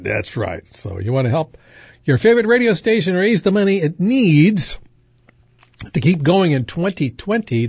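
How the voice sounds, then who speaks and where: A man's voice: fairly high pitch, a little mellow, slightly rough, no echo, muffled recording. A man working as a radio DJ, making a casual fundraising appeal on air, who repeats details and drifts into tangents. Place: radio studio.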